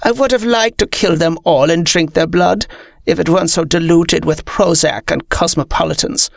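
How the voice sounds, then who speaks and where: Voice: medium pitch, normal speed, creaky, no echo, studio quality, natural voice. A reader voicing a haughty, predatory female vampire with a disdainful drawl.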